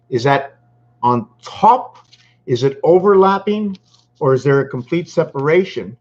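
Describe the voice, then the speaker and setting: A man's voice: mid-range voice, muffled recording. A man talking in a meandering monologue, full of ums and restarts. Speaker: channel host. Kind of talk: rambling monologue.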